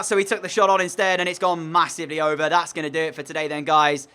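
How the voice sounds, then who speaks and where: A man's voice: fairly high pitch, little pitch movement, fast, pushed and bright, smooth. A young man commentating on his own video game match in an exasperated, sarcastic way. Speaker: gaming commentator.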